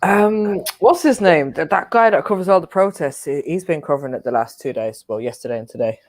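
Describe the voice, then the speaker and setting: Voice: medium pitch, lively intonation, brisk. A speaker on a panel chat, telling news in a hesitant way with many ums. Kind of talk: casual group chat.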